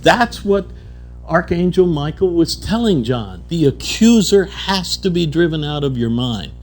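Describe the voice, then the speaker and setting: A man delivers a keynote of mystical stories in a conference hall, acting out the characters for his spiritual storytelling lecture. His voice is a little high, sing-song and a little mellow, his pace a little slow, with faint music behind him.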